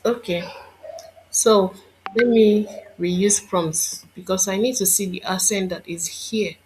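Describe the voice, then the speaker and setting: A woman's voice: mid-range voice, fairly even intonation, takes it slowly, darkish tone, slight background noise. A woman instructor giving a screen-recorded tutorial, thinking aloud and muttering to herself as she works.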